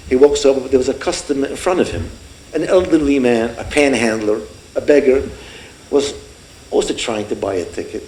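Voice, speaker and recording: A man in his sixties telling a heartfelt story at a fundraiser, earnest and warm, often acting out the people in his story. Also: mid-range voice. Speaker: speaker at a fundraiser. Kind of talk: emotional storytelling speech. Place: event hall. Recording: echoey hall with faint room noise.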